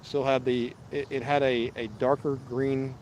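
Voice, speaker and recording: A man's voice: mid-range voice, level tone, a little slow, darkish tone, slight background noise. A man, hosting a fishing livestream outdoors and chatting casually, rambling and restarting as he reads viewer messages. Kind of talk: casual live-stream chat. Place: outdoors at a park lake.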